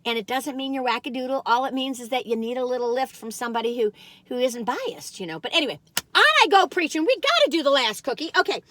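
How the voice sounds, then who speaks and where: A woman's voice: a little high, animated, quick pace, fairly bright tone. A woman reviewing cookies in a chatty, folksy vlog, often calling her viewers "you all". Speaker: food review vlogger.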